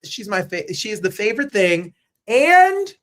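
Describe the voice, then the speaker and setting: Chatty, excitable male show host. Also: high-pitched, a little slow, background noise. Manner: chatty, excitable, jumps between topics. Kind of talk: casual live-stream chat.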